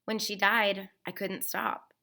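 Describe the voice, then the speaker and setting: A woman reading a novel aloud in the first person, expressive and slowing down on the emotional phrases. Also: medium pitch, creaky.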